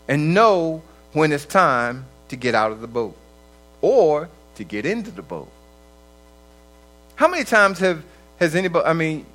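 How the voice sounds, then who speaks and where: A man with a high voice preaches a sermon in a loose, conversational way. He slips into little voices as he tells everyday stories, and laughter breaks through his talk. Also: sharp tone, rough recording. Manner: conversational, acts out quoted voices, laughs often.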